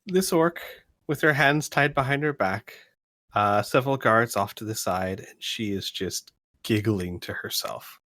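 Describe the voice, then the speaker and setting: A man running a tabletop game as game master, narrating scenes in a lively way. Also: on the low side, a little slow.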